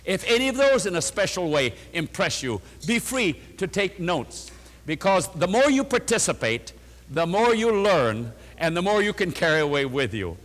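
Earnest preacher in a reverberant hall. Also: male voice, sits high, big pitch swings, normal speed, a bit bright. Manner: earnest storytelling, retelling a letter with rising emotion. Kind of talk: sermon.

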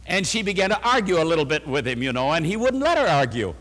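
A man preaching a sermon, his fairly high voice rising and falling with lively animation. He drives home points with loud stresses, then drops into soft asides. A long church reverb trails every phrase. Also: quick pace.

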